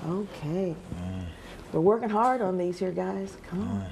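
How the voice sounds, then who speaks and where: A woman's voice: medium pitch, a little slow, vocal fry, very noisy. A woman hosting a family game show on local television, upbeat and chatty with frequent laughter.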